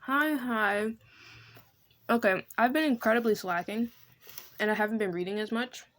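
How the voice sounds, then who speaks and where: A woman with features, casually recapping a novel for her vlog, swearing freely and acting out the characters' lines in quick bursts. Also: a little high, a bit bright. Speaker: book vlogger. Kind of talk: casual book recap chat.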